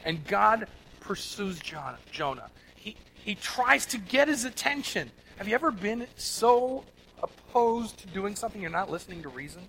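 A man preaching a sermon in an earnest, emphatic way, swinging between loud stressed words and soft asides. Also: high voice, sing-song, normal speed, gravelly, slight background noise, poor audio. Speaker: pastor.

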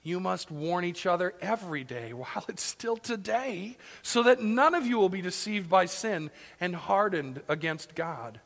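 High-voiced gravelly pastor in echoing hall. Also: male voice, expressive, a little slow, few pauses. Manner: dynamic, shifting from loud emphasis to hushed near-whispers; acts out complaining voices. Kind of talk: sermon.

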